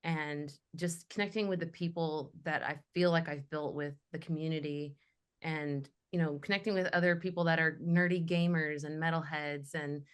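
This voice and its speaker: A young woman with a notably low speaking voice talks passionately on a casual panel. She tells her stories with animation and lets her feelings show. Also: fairly even intonation, normal speed, smooth. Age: young adult. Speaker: guest, metal vocalist.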